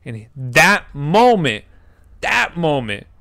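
A man in his twenties telling a story in casual chat, animated, swearing often and acting out quotes. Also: on the high side, slow pace, gravelly, no room sound, studio quality. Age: 20s. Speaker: podcast co-host.

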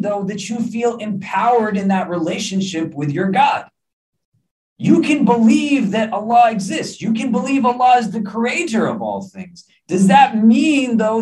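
A man's voice: sits high, a little mellow. A man, an imam giving an earnest, conversational sermon directly to his audience. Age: 30s. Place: large room with a gathered audience. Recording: roomy echo, mic from a distance.

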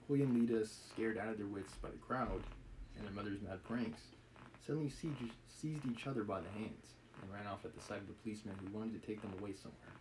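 A man's voice: lowish voice, a little fast, darkish tone, slight background noise, rough recording. A man reading a novel aloud on a live stream, mixing the text with wry, chuckling asides.

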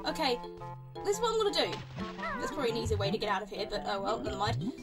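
A let's play gamer gives casual, rambling commentary on the video game she's playing, excitable and full of exclamations and repetition. Her voice is a little high and rapid-fire, heard over music.

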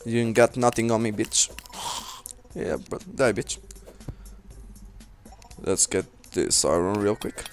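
Young male let's-player, rambling and profane, slow delivery over light background music. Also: fairly low pitch. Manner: rambling, swears at enemies, talks to himself. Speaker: let's play host. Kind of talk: casual gameplay commentary. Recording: faint game music behind.

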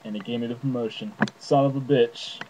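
A man rambling through an absurd comic monologue to camera, his voice jumping wildly in pitch and loudness. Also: fairly even intonation, brisk, slight background noise, low-quality recording. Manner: rambling, jumpy, wildly swinging pitch and volume. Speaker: vlogger.

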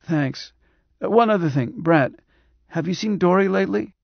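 A frail cyborg man in a hospital bed, voiced by a male narrator, speaking in a reedy, strained whisper, higher than the reader's own voice. He talks slowly and hesitantly, with a faint resentful edge. The recording is dry and a little dull. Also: animated, creaky, dry recording, heavily acted. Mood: weak.

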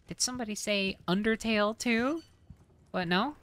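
A woman streamer giving loud, excitable game commentary, often shrieking and swearing. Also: medium pitch, moderate pace, gravelly, no echo. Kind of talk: gaming commentary.

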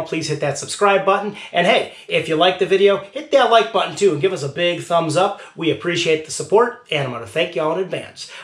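A man's voice: high voice, a bit bright. A man hosting a casual beer review, hamming it up in a put-on Scottish accent with a jokey, upbeat manner. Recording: roomy echo.

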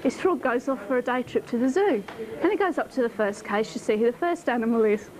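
A woman's voice: on the high side, lively intonation, fairly quick, noisy background. A woman telling a joke to camera in an office, giggly and self-mocking, picked up by a camcorder mic. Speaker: office worker. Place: office room.

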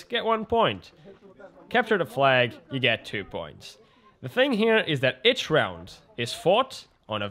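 A man narrating his vlog in a lively, playful voice-over. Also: medium pitch. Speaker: vlogger.

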